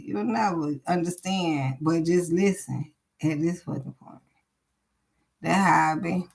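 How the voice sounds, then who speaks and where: A woman's voice: fairly low pitch, measured pace, vocal fry. A woman, giving a live-streamed tarot reading and chatting bluntly with her viewers, with plenty of swearing. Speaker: tarot reader.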